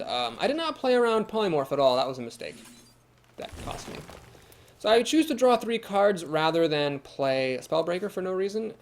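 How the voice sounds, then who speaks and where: A young man with an easy Midwestern accent talks through his card game moves on a live stream, reading chat and chuckling along. His voice sits a bit high and swings up and down with a lively lilt. A faint hiss runs beneath the recording. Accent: Midwestern American. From Ohio, USA. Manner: chatty, thinks aloud, reads chat comments and laughs easily. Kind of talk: live gameplay commentary.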